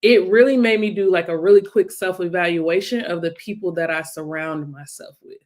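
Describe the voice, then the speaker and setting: A woman's voice: on the low side, normal speed, a little mellow. Reflective woman co-hosting a talk show. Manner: thoughtful, self-questioning. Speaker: co-host.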